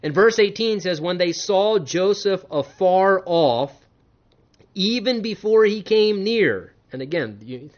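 A man preaching a sermon, reading scripture aloud and commenting on it emphatically, swinging between loud stresses and quiet asides. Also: high-pitched, lively intonation, slow pace. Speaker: pastor. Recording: dull lo-fi sound.

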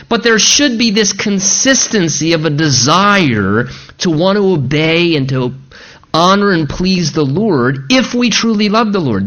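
A male pastor preaching an expository sermon, slowing down deliberately when he reads scripture aloud. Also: fairly high pitch, a bit bright, dull audio. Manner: slows to read scripture aloud.

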